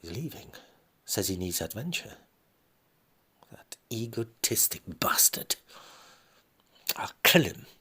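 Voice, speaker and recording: A man's voice: fairly low pitch, very animated, slow, pauses often, pushed and bright, breathy edge, in a whisper, pitched above the performer's own voice, heavily acted. Brief: a man playing a furious young son, urgent questions, threatening. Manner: urgent, agitated. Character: angry grown son, protective of his mother.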